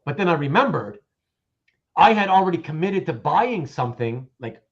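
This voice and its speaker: A man's voice: on the high side, moderate pace. A man hosting a show, telling an anecdote in casual chat and acting out both sides of the conversation. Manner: animated storyteller, acts out both sides of a conversation. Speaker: show host. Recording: dull lo-fi sound.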